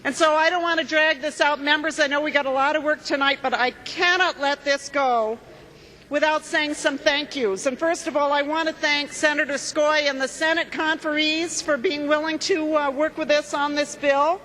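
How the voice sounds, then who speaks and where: A woman with a high, bright voice makes an earnest case during a floor speech. Her words ring through the long reverb of a large legislative chamber. A faint hum of room noise sits underneath. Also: steady tone, normal speed. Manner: earnest, persuasive speech growing emotional. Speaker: state legislator.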